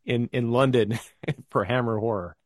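A man's voice: medium pitch, normal speed, no echo, studio quality. A man chatting as a podcast guest, telling anecdotes and acting out the quoted voices. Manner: storytelling, acts out quoted voices. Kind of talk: casual podcast chat.

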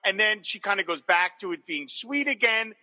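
A man with a high, very bright voice chats casually about a TV episode. He is animated and slips into acting out what characters say. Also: normal speed. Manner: animated, acts out quoted lines. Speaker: podcast co-host.

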